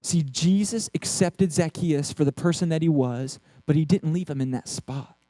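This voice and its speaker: High-voiced man preaching earnestly. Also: dry recording. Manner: earnest, animated preaching with quick restarts. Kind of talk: sermon. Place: church.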